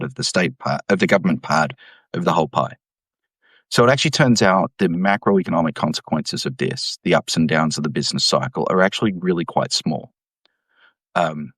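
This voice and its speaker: A low-voiced man speaks as an economics professor in an interview, laying out his case with emphatic, animated energy. The sound is dry and close, with no room around it. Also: dry recording. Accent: Australian. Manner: animated, emphatic, mimics voices when quoting. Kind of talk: explanatory interview talk.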